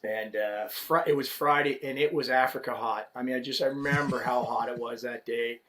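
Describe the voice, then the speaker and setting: A middle-aged man, a podcast guest, telling a story in a casual, animated way with mock indignation. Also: medium pitch, brisk, a little hiss or hum, poor audio.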